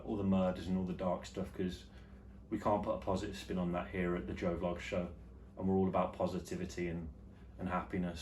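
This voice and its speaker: A man hosting his own vlog show, chatting casually and jokily about the news, his voice jumping between loud and quiet. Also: sits low, slight background noise. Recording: echoey room with faint ambience.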